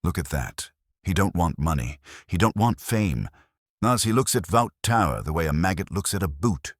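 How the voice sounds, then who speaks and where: A man voicing a blunt, sardonic middle-aged male vigilante with a rasping delivery. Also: low voice, animated, normal speed, no echo, studio quality. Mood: grim relish.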